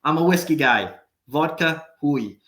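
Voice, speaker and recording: A man's voice: fairly high pitch, animated, a little slow, a bit bright, slight background noise. A Scottish man hosting a podcast, joking, swearing freely and asking eager questions. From Scotland. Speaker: podcast host. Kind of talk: casual podcast chat.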